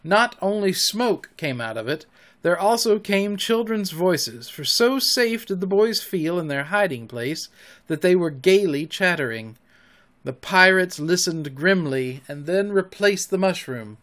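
Man with a lively storytelling voice. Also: high-pitched, a little slow. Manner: expressive storybook reading. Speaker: narrator. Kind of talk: audiobook narration.

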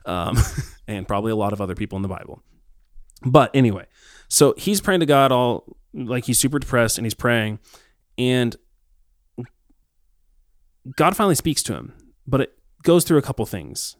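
A man co-hosting a casual faith discussion, talking reflectively with many pauses and ums. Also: medium pitch, dry recording, studio quality.

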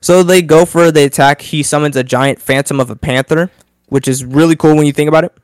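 A man's voice: a little high, steady tone, a little fast, no echo. A man co-hosting a podcast, telling a story in a casual, playful, rambling way. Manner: playful, rambling, self-interrupting. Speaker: podcast co-host.

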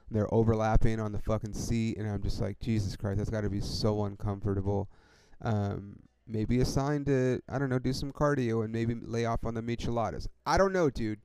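A man's voice: lowish voice, noisy background. A young man hosting a podcast, telling a rambling story in a laid-back, profane way, peppered with "dude" and "like". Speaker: podcast host.

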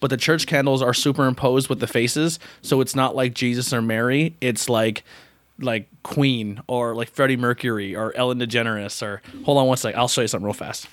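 A man's voice: medium pitch, steady tone, brisk, dry recording. A man hosting a casual interview podcast, joking and acting out quotes in silly voices. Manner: jokey, acts out quotes in put-on voices. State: out of breath. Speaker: podcast host.

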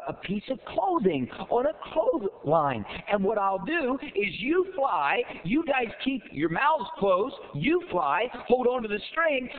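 A preacher putting on a whiny little frog. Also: male voice. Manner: complaining, eager, high and excited. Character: whiny cold little green male frog. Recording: tinny phone-like sound.

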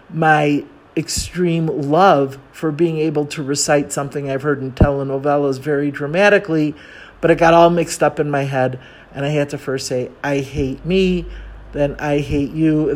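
Chatty American man, fairly high voice. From United States. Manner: chatty, self-mocking, many fillers. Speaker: travel storyteller. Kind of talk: casual storytelling monologue.

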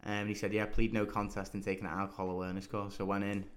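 Young british man, low voice, quick talker, animated storyteller. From Britain. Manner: animated storyteller, laughs often. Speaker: guest. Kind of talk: casual storytelling chat.

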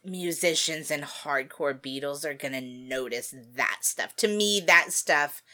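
A woman co-hosting a casual chat podcast, talking in an animated way and laughing easily. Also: low voice, a little slow. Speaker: podcast co-host.

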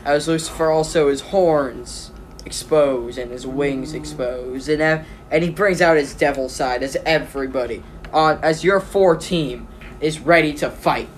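A game master narrating a tabletop game in a rambling way, with many pauses and restarts. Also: mid-range voice, a little hiss or hum.

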